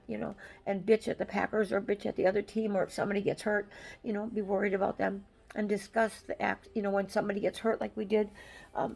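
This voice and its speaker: An older woman giving a halting, emotional farewell message, close to tears, with many pauses and restarts. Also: mid-range voice, vocal fry, a little mellow, poor audio.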